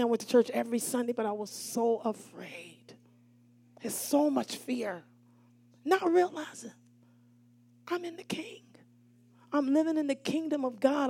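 A woman preaching a sermon, animated, calling out to the congregation and dropping from shouts to hushed asides. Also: high-pitched, vocal fry, no echo. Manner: animated and call-and-response, swinging between shouts and hushed asides.

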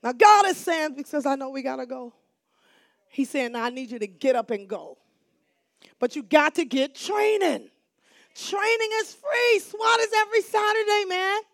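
A woman pastor preaching a sermon in call-and-response style, repeating phrases for emphasis and swinging between hushed lines and shouts. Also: sits high, animated, moderate pace, dry recording, clean studio sound.

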